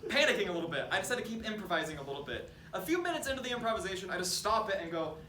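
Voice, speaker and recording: A young man doing stand-up storytelling on stage, animated and self-mocking. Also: high voice, very fast, a little hiss or hum. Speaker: stand-up comedian. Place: comedy stage before an audience. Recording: roomy stage, far mic, loud laughter. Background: audience laughter.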